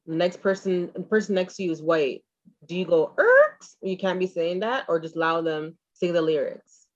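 Outspoken woman, slightly low voice. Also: fairly even intonation, moderate pace, a little mellow. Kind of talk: casual chat. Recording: dull lo-fi sound.

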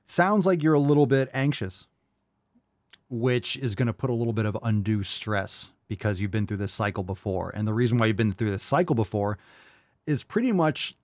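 Blunt low-voiced man giving advice. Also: moderate pace, darkish tone, no room sound, clean studio sound. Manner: blunt, rambling, direct coaching. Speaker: podcast host answering caller questions. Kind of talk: casual advice talk.

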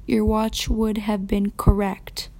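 A woman's voice: completely flat delivery, slow, warm tone. A woman reading as a secretive young boy. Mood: urgent. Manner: read aloud, raised pitch.

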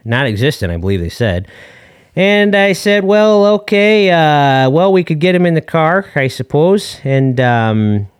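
A man's voice: a little high, sing-song, a little slow, smooth, no room sound, studio quality. A man playing a long-winded, folksy dad calling in to a comedy podcast, rambling with fillers and corny jokes. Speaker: caller. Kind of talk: comedic call-in character bit.

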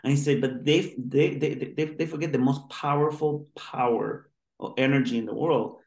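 A man's voice: medium pitch, fairly even intonation, normal speed, creaky, darkish tone. Earnest rambling man in a roomy space. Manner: earnest, rambling, many restarts. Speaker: guest doctor. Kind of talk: interview conversation. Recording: roomy echo.

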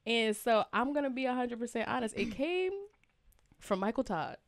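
A woman co-hosts a casual faith conversation. She tells personal stories with lively swings of pitch and loudness. She acts out her past reactions as she goes. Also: a little fast. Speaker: podcast co-host.

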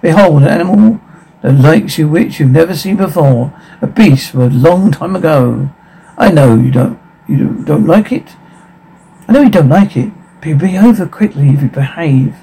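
A showy circus ringmaster, read out by a man, calling to the crowd like a barker. The voice is gravelly, a little husky and dark in tone, and it sits a touch high for a man. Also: expressive, moderate pace, full character voice, rough recording.

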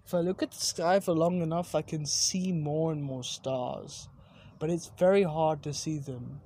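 This young adult vlogger speaks in a medium-pitched, steady, unhurried voice that's warm and slightly rough. Out at night with buildings below, they ramble casually, curse a lot and stop mid-word to fix themselves.

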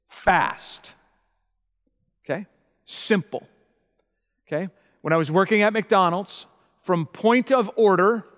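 A man's voice: sits high, fairly bright tone. A middle-aged man preaching as a pastor, who often checks in with his listeners and repeats his points. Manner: repeats himself, asks the audience "okay?". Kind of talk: sermon. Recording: long hall reverb.

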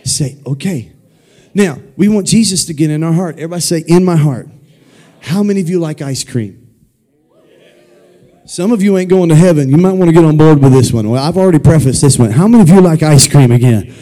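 Talking fast, a man with a fairly high voice and a dark tone leads a children's sermon in a church sanctuary. He's playful and full of jokes, getting the crowd to repeat after him in call-and-response.

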